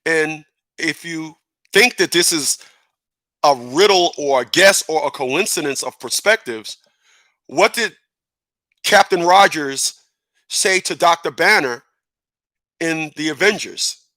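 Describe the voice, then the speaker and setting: A man's voice: on the high side, lively intonation, slow, pauses often, pushed and bright, no echo. A middle-aged man giving a casual opinion monologue, emphatic and repeating words as he builds his point. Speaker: commentator.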